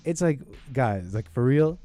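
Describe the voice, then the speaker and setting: A man's voice: medium pitch, expressive, a little slow, mellow, soft background music. A man hosting a call-in podcast, telling a rambling story in casual talk-show style and often cutting himself off mid-sentence. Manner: rambling, self-interrupting storytelling with laughs. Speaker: podcast host.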